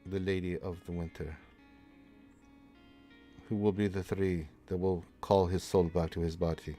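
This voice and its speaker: A man's voice: low-pitched, little pitch movement, measured pace, faint music behind. A man voicing an older woman, a fussy, motherly aunt who is flustered one moment and soothing the next, in a tabletop game. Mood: solemn. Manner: flustered, then soft and soothing.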